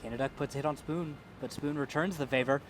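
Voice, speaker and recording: A man giving live play-by-play commentary on an esports tank match, getting louder and quicker as the fights heat up. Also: mid-range voice, slight background noise. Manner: rises to excited calls during fights. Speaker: esports caster.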